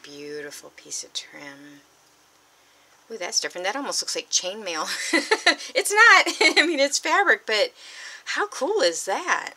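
A woman, unboxing craft supplies on her vlog, gushing with excitement and at times dropping to a breathy whisper. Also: a little high, measured pace. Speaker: crafting vlogger.

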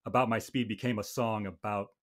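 A man's voice: fairly low pitch, fairly even intonation, brisk. A man hosting a casual podcast chat about music, talking in a wry, rambling way with frequent restarts. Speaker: podcast host and bandmate.

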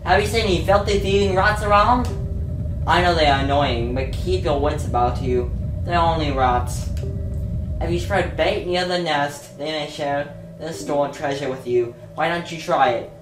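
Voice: medium pitch, normal speed, reverberant, music in the background, lightly acted, low-quality recording. A woman voicing an earnest bird-folk villager from a video game, warning the hero. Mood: cautioning.

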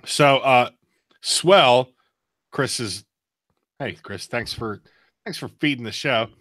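A man's voice: slow, a bit bright, dry recording, studio quality. A man co-hosting a casual live beer review podcast, chatty and prone to hard laughing fits. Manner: laughs hard, high giggly outbursts.

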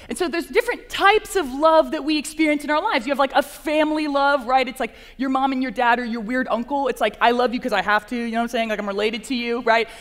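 High-voiced bubbly young woman in a chapel. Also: fast talker, hardly any pauses. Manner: bubbly, chatty, full of fillers. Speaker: graduate assistant speaking at chapel. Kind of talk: chapel talk. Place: large chapel hall. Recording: long reverb of a large hall.

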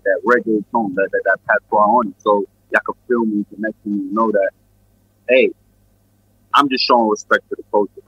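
A man's voice: lowish voice, bright, forceful tone, breathy edge, no echo, muffled recording. A man from New York with a New York accent, a guest musician rambling in a laid-back, casual interview full of fillers. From Queens and Brooklyn, New York.

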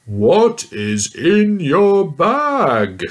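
Bullying picture-book giant, read aloud by a man, loud, high and drawn out. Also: wildly swooping pitch, heavily acted. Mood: booming. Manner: slow, booming, drawn-out questions. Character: blustering mean male giant from a picture book.

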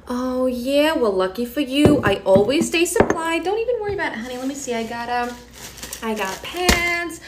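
A woman's voice: sits high, expressive, normal speed, heavy background noise. A woman playing a doting school nurse in a comedy skit who calls everyone honey and sweetheart.

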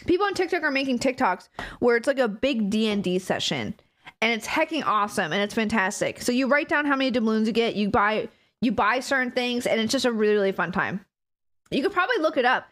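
A woman live streamer talking to her chat in a high voice. She is excitable and giggly, laughing between sentences and gushing thanks to viewers. Her pitch swoops up and down all the time. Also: a little fast. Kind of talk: casual chat to a live audience.

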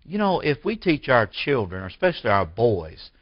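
A man preaching a sermon as pastor in a church. He swings from forceful bursts to quiet, hushed lines. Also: mid-range voice, very animated, normal speed, dry recording, highs cut off. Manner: preaching with rising emphatic bursts and drops to near-whisper.

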